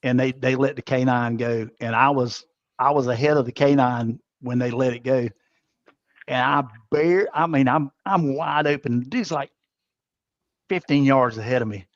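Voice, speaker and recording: A man's voice: medium pitch, normal speed, dry recording. Laid-back man on a dull dry line. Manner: laid-back, laughs through his stories. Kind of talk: casual storytelling chat.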